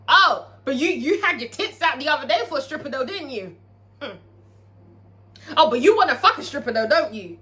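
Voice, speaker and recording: A woman giving a chatty, animated and profane recap of a TV episode, laughing often. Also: sits high, normal speed, a little hiss or hum. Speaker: TV episode reviewer. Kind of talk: casual recap commentary.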